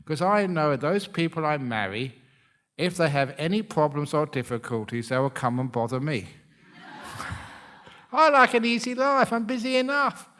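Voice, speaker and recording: A man's voice: on the high side, expressive, measured pace, a bit bright, a little hiss or hum. A man who is a monk giving a humorous dharma talk, joking and often laughing at his own stories.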